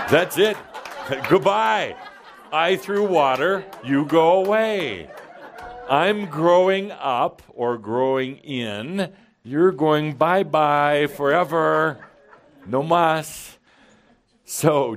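A man giving a playful, animated channeled talk to a live audience in a hall, often laughing along with them. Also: fairly low pitch. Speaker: spiritual teacher channeling to an audience.

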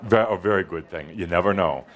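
A man hosting a live gathering and chatting casually with his co-host in front of an audience, relaxed and full of "uh" fillers. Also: low-pitched, fast. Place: gathering room with an audience present.

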